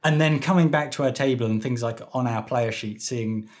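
A man's voice: medium pitch, normal speed. Thoughtful man explaining. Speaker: game player. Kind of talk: casual group chat.

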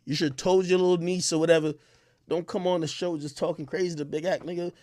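A man ranting to camera as an online personality, loud and boastful with profane trash talk. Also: on the high side, steady tone, quick pace, no echo.

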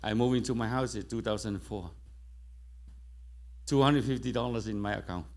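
A man's voice: fairly low pitch, moderate pace, darkish tone. A middle-aged man preaching a sermon, telling a personal testimony with quoted dialogue, in slightly broken English in a church. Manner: non-native grammar, storytelling with quoted dialogue.

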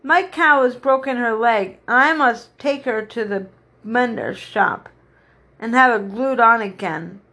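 An indignant china milkmaid from a storybook, as a woman reader puts her on. She scolds loudly in a raised, high voice. Her manner is sulky and reproachful. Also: measured pace, exaggerated voice. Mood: angry. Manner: scolding and loud.

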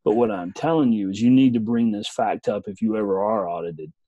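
A man's voice: lowish voice, brisk, mellow, no echo, lo-fi sound. A middle-aged man telling a story in casual chat as a podcast co-host, laid-back, swearing, often saying "man".

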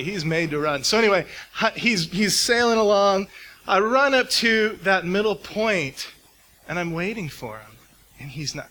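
A man's voice: high voice, bright, forceful tone, slight background noise. A middle-aged man preaching a sermon to a congregation, telling a personal story in a conversational way and asking the room questions. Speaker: pastor. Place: church hall before a congregation.

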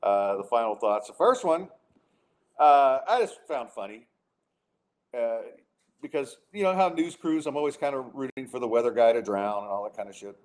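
A man's voice: mid-range voice, animated, moderate pace. A man hosting a casual talk podcast. He rants with an exasperated edge and trips over his words as he goes. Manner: exasperated, ranting, lots of restarts. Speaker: podcast host. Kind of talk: casual chat and rant.

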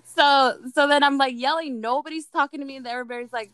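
A young woman telling a story in casual chat, animated, swearing and mocking herself. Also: on the high side, fast talker, hardly any pauses, a little hiss or hum, low-quality recording.

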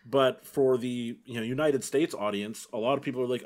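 A man's voice: medium pitch, brisk, a little mellow. A man co-hosting a casual film podcast, easygoing and steering the talk to the next topic. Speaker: podcast co-host.

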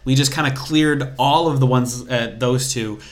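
A man's voice: medium pitch, normal speed. A young man co-hosting a casual podcast, chatty and explaining things at length with small restarts. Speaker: podcast co-host.

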